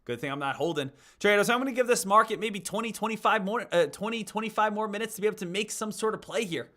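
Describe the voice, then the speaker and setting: A man commentating on his live trading session, calling out to viewers in an energetic, chatty way. His voice is high for a man and bright, with a forceful edge. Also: fast talker. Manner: energetic, talks straight to viewers as "guys". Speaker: live stock trading streamer.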